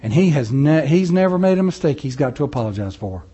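A man preaching a sermon, moving between loud, rising passages and low, slow, soft ones, chuckling often. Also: sing-song, slightly rough, lo-fi sound. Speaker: pastor.

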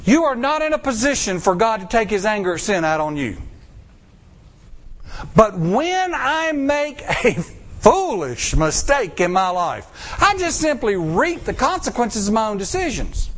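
Guy preaching, high voice that swings all over, acts out little quotes, drags words out for emphasis. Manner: animated preaching with acted-out quotes and drawn-out pauses. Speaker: pastor. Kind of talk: sermon.

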